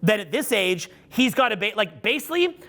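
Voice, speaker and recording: Middle-aged male coach addressing a live audience, high bright voice, swears a lot and acts out the quotes. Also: fairly quick. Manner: animated, profane storytelling with acted-out quotes. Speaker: social skills coach. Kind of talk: live seminar talk.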